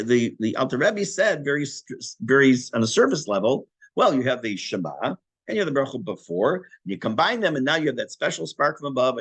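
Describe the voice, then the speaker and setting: A man, a rabbi, giving a Torah class, explaining Hebrew terms in English with animated, self-correcting delivery. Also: medium pitch, breathy edge, no echo.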